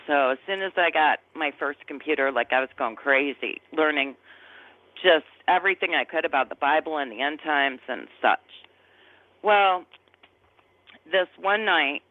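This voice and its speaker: A deep-voiced woman in her fifties, appearing as a guest, gives an earnest, emotional testimony in conversation, often pausing to find words. The recording is dry and tinny, like a phone line, with no echo.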